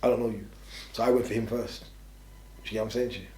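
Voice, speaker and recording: Fast-talking blunt man, roomy sound. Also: lowish voice, steady tone, a little mellow, a little hiss or hum. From England. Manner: blunt, rambling, restarts a lot. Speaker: interviewee. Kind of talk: candid storytelling. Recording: roomy echo.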